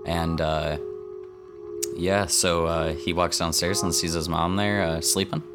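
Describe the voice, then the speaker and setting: A laid-back young man playing a tabletop game, filling pauses with hesitations. His voice is very deep. Music plays clearly underneath. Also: flat delivery. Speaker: player.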